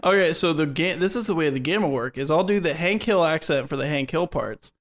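Man, podcast co-host, casual chat, playful, jokey, slightly high voice. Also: brisk, a little hiss or hum. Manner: playful, joking, laughs often. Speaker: podcast co-host running a quiz game.

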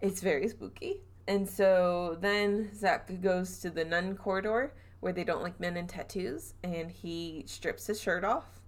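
A woman with a Southern US accent hosting a podcast, telling a spooky story in a chatty, animated way and acting out quotes. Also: lowish voice, measured pace, hardly any pauses. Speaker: podcast host. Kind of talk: casual storytelling chat.

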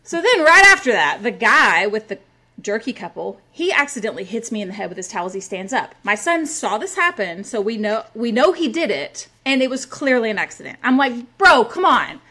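A woman in her forties telling a story in casual podcast chat, rowdy and animated, with plenty of asides. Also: a little high, a little fast. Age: 40s. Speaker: podcast co-host.

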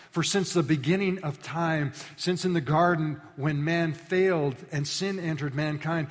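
Guy preaching in church, fairly high voice, rises loud then drops to a hush, big echoey hall. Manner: animated, sweeps from loud rallying calls to hushed low appeals. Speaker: pastor. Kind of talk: sermon. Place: church sanctuary. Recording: long reverb of a large hall.

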